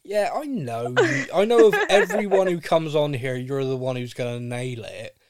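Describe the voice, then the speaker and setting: A man's voice: mid-range voice, lively intonation, normal speed. A man hosting a casual fan podcast, jokey and rambling, often poking fun at himself. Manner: jokey, rambling, self-mocking. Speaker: podcast host.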